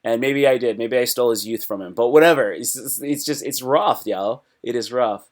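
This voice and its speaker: A man hosting a live stream, recapping fights in loose, excitable chat that jumps from topic to topic and breaks into sudden loud yelps. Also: mid-range voice, moderate pace.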